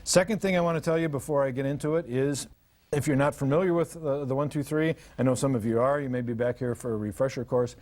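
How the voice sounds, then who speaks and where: An older man presents a parenting seminar to a live audience at an ordinary pitch. He speaks with dry humor and tells lively stories, acting out what frazzled parents and misbehaving kids say. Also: fast.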